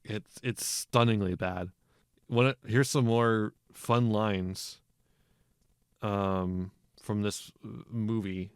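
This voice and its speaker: A man's voice: fairly low pitch, very slow, clear, resonant tone, no echo. Sweary, laughing podcast guy, dry sound. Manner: animated, swears often, laughs a lot. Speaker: podcast co-host. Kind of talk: casual comedic film discussion.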